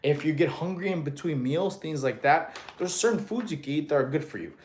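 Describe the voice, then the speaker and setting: A man's voice: a little high, expressive, fairly quick, a little hiss or hum. A man in his thirties from Russia, streaming live as a fitness coach and chatting through viewer comments, a little out of breath after exercise. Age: 30s. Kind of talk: casual livestream chat.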